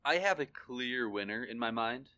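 A man's voice: medium pitch, expressive, normal speed, sharp tone. A man co-hosting a podcast in casual chat, joking and slipping into silly voices. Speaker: podcast co-host.

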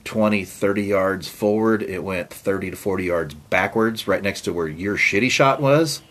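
A man's voice: deep voice, moderate pace, a bit bright. A man co-hosting a podcast, telling a long rambling story in casual chat with plenty of filler words. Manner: rambling, lots of uh fillers, acts out quotes. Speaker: podcast co-host.

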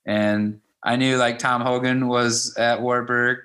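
A man in his fifties, a high school wrestling coach, telling stories in a casual interview and acting out the dialogue. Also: flat delivery, slow, a bit bright. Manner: anecdotal, acts out quoted dialogue with "I'm like".

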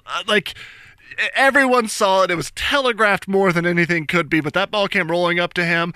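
Male podcast co-host, jokey and expressive, with a fairly high, lively voice. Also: clean tone, no echo. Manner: animated, jokey, playful sound effects. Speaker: podcast co-host, radio broadcaster. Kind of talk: casual sports podcast chat.

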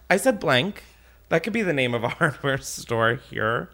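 A man's voice: mid-range voice, big pitch swings, a little slow, vocal fry, pushed and bright. Chatty man making prank calls. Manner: chatty, swears, laughs a lot. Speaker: prank call host. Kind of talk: casual prank call chat.

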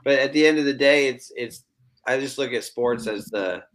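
A man, a musician guest, giving opinionated views in a casual chat, halting and restarting his sentences. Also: mid-range voice, a bit bright.

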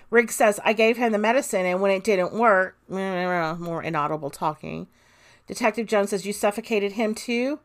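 A woman's voice: medium pitch, normal speed. A woman hosting a true crime podcast, reading an interrogation transcript aloud and adding her own comments. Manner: reads quoted interrogation lines plainly, adds commentary. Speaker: podcast host.

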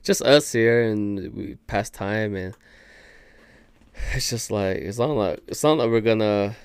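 A man's voice: lowish voice, measured pace, vocal fry, smooth, no room sound. A man guest on a podcast, telling a story in loose, profane slang and laughing as he goes. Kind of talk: casual storytelling chat.

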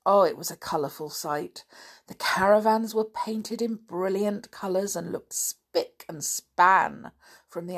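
A woman narrating a children's storybook in a calm, unhurried reading. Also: fairly low pitch, breathy edge.

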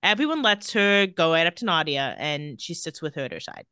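A woman's voice: low voice, lively intonation, fairly quick, pushed and bright, clear, resonant tone, no echo. A woman co-hosting a podcast, casually recapping TV scenes with quoted lines and dry asides. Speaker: podcast co-host recapping a TV episode. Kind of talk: casual chat.

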